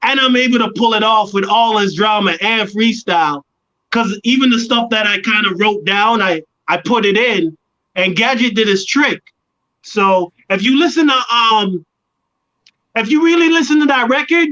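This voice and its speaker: A man telling a long studio story in a casual interview, animated and acting out what others said. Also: high voice, normal speed. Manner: animated storyteller, acts out quoted voices. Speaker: guest artist. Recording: dull lo-fi sound.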